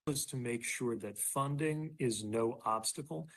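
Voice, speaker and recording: Official guy at a briefing, slow careful statement, lots of uh pauses. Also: medium pitch. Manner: measured, halting with filler pauses. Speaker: government official.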